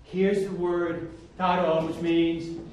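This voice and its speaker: Man, language teacher, fairly high voice, lively class drills, very echoey room, distant mic. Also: takes it slowly. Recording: echoey room from far off, faint noise.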